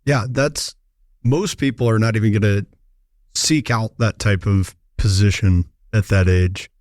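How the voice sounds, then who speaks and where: A man's voice: fairly low pitch, a little slow, darkish tone, no room sound, clean studio sound. A man co-hosting a business podcast, prompting his guest and affirming the answers. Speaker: podcast co-host. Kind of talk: casual interview questions.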